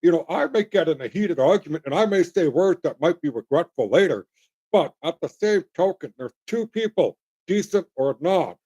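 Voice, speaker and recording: A man's voice: a little high, animated, normal speed, dark tone, husky, muffled recording. Rambling opinionated middle-aged man. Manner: rambling, opinionated, addresses listeners as folks. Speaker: livestream host. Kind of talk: casual livestream monologue.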